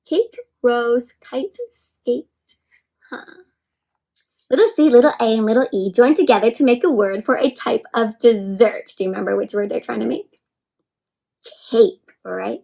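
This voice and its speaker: A woman reading a picture book aloud to children, animated, asking them questions and slowly sounding out letters, sometimes dropping to soft whispered asides. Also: a little high, gravelly, rough recording. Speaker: children's story reader. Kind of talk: interactive read-aloud for kids.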